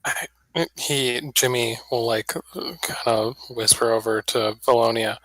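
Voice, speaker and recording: Slow, hesitant man playing a tabletop game. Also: medium pitch, fairly even intonation, sharp tone, dry recording, low-quality recording. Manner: hesitant, filler-heavy, slow. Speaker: player. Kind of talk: casual tabletop game chat.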